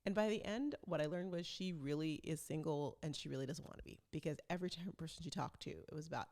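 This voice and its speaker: A woman's voice: low voice, fast talker, hardly any pauses, a little mellow. A woman hosting her own vlog, chatting casually and rambling along as a self-described talker. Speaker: vlog host. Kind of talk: casual chat.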